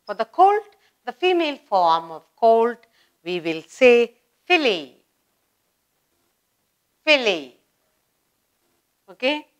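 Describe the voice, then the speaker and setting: A very animated woman with a higher-pitched voice and an Indian English accent leads a grammar lesson in English for children. She says words slowly and emphatically, repeating them.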